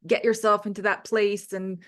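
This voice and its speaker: A woman hosting a relaxed interview, answering her guest with supportive, reflective remarks. She laughs easily and talks in a thoughtful, conversational way. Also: medium pitch, moderate pace. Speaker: interview host.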